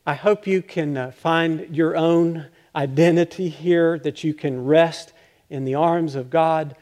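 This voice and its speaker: An older male pastor preaching a conversational, self-deprecating sermon, halting and restarting with light chuckles. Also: fairly high pitch, fairly even intonation, darkish tone.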